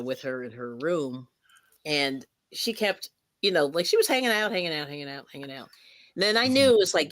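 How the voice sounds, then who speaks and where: Lively, laughing host in a dry room. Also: medium pitch, dry recording. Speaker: channel host. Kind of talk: casual video call chat.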